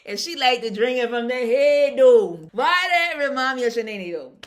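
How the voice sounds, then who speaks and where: A woman giving a casual, animated recap of a reality show episode, chatting colloquially and laughing often. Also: high voice, normal speed.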